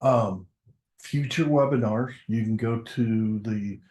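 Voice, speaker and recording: A man's voice: medium pitch, slow pace, a little mellow, reverberant. A man presenting a corporate webinar as a product success manager, speaking casually and conversationally with frequent filler words.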